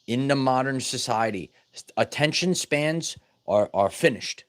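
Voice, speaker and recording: A man speaking straight to his audience about spiritual growth, at a middling pitch. He talks emphatically, stumbling over and repeating words as he presses his points home. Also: expressive, unhurried. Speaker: spiritual wellness vlogger. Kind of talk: casual spiritual teaching monologue.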